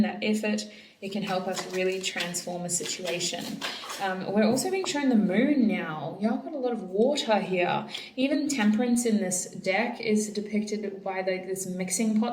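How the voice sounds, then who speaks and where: A woman's voice: medium pitch, a little mellow. A woman giving a casual tarot reading, chatting affectionately and directly to her viewers. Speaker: tarot reader. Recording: echoey room, voice from a distance.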